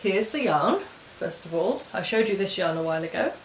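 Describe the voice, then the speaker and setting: Brisk and animated, this woman's low voice carries a casual knitting podcast chat. She explains her projects step by step, wandering as she goes in a show-and-tell manner. Faint hiss and roomy echo mark the recording.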